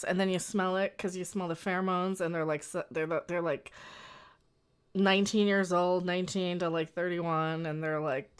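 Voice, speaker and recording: A woman's voice: fairly low pitch, fairly even intonation, moderate pace, clear, resonant tone. A woman hosting her own late-night internet show, rambling in a playful, cheeky way and often breaking off mid-sentence to restart. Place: home in Las Vegas.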